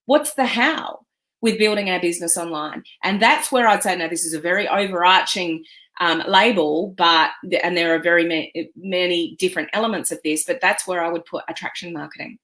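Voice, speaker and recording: A woman's voice: on the low side, a little fast, a bit bright. A woman coaching on online business, speaking earnestly and with emphasis, with many fillers and restarts. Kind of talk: motivational teaching talk.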